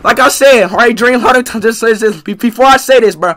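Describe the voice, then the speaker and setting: A young man streaming a game, shouting and pleading, swearing and repeating himself. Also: very high voice, brisk. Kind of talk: livestream gaming chat.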